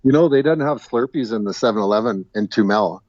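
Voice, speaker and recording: A man's voice: medium pitch, darkish tone, no room sound. A man chats casually as a guest over a call, stumbling and repeating words as he goes. His audio sounds dull and muffled, and completely dry with no room sound. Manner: halting, repeats words, chuckles at own jokes. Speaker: guest caller. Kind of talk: casual chat. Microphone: video call.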